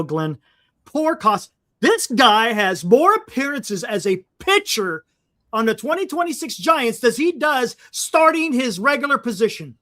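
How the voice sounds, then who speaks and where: A man's voice: high voice, bright, forceful tone. A man co-hosting a fan sports talk stream, ranting in frustration and often repeating words. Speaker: podcast co-host.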